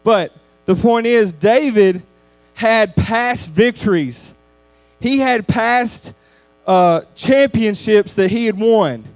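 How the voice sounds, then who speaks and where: A man giving a youth sermon lesson, in a conversational, animated storytelling manner. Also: high voice, slow pace, dry recording. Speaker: youth speaker.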